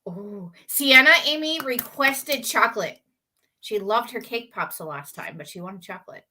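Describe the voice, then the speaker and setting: A woman's voice: a little high, expressive, normal speed, sharp tone. A woman with a Southern US accent, co-hosting a casual live video chat, teasing and laughing often. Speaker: co-host.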